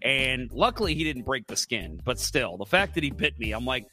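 A middle-aged American man hosts a casual podcast, telling stories in a loose, rambling way full of fillers. His voice is bright and forceful. Faint music plays underneath. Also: medium pitch, big pitch swings, normal speed. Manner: chatty, rambling storyteller with many fillers. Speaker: podcast host. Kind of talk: casual sports podcast chat.

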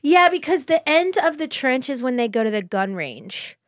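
A woman's voice: sits high, sing-song, moderate pace, no room sound, clean studio sound. A woman co-hosting a book podcast who chats casually, swears freely and acts out little quotes while telling stories. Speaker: podcast co-host. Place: podcast studio. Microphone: studio microphone.

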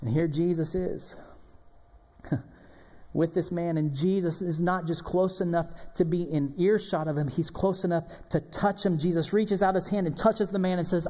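A man preaching a sermon as pastor, animated and emphatic, acting out the people in the passage. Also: fairly high pitch, moderate pace. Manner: animated, emphatic preaching with dramatic quoted voices. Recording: long hall reverb.

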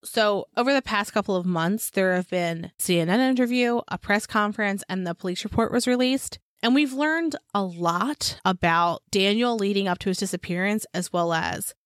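A woman's voice: medium pitch, moderate pace, few pauses, no echo, clean studio sound. A woman co-hosting a true-crime podcast, blunt and outspoken, swearing freely in casual chat. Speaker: podcast co-host.

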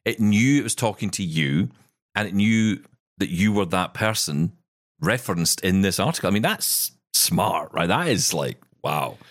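A man's voice: sits low, normal speed, no echo, clean studio sound. A man with a Scottish accent, co-hosting a podcast in casual, enthusiastic chat about tech, often correcting himself mid-sentence. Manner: animated, enthusiastic, self-correcting. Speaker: podcast co-host.

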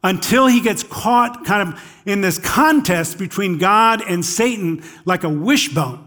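A man's voice: sits high, measured pace, fairly bright tone. A middle-aged man preaching a conversational sermon, often checking in with the listeners as he goes. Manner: conversational, frequently checks in with "right?". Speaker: pastor.

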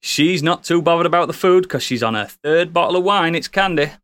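A man with a fairly high voice hosts a podcast, teasing each guest as he brings them on. The sound is dry and close to the mic. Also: fairly quick, fairly bright tone, clear, resonant tone, no room sound. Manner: jokey, teasing introductions. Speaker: podcast host. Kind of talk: casual podcast hosting.

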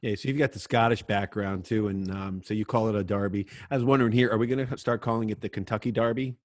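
A middle-aged man hosting a podcast, joking and animated as he tells stories and questions his guest. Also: lowish voice, quick pace, no room sound. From Ireland. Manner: jokey, animated, lively storytelling. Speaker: podcast host. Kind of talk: casual interview chat.

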